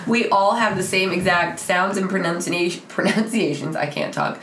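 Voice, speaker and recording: Woman, Oklahoma country accent, podcast co-host, playful teasing chat, lowish voice, echoey home room. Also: moderate pace, fairly bright tone, slight background noise. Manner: teasing, playful, laughs often. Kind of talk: casual chat. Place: home room, man cave.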